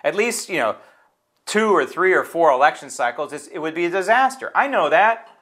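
A man's voice: a little high, expressive, brisk, fairly bright tone. A middle-aged man from the United States hosting his political commentary show, talking in an indignant, sarcastic, conversational way. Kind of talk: opinion commentary monologue.

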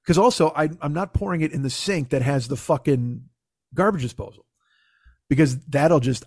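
A man with a husky, somewhat high voice tells a long, profane story in a casual, self-mocking way. He keeps rambling and going off on tangents. The sound is dry and close. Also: darkish tone, no echo.

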